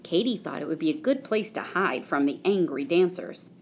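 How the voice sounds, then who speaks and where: A woman reading a children's story aloud in a slow, expressive way. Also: low voice, slight background noise. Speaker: storybook reader.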